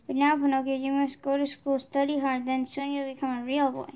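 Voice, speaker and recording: A woman's voice: sits high, monotone, fairly quick, a little mellow, close to an everyday voice. A woman reading as a kind old woodcarver. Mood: fatherly.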